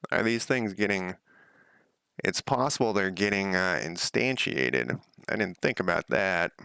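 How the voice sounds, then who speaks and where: A man's voice: sits low, creaky, sharp tone, smooth, dry recording, studio quality. A man streaming himself working on a game at home, thinking aloud in a casual, rambling way and often correcting himself. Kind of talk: casual live-coding commentary.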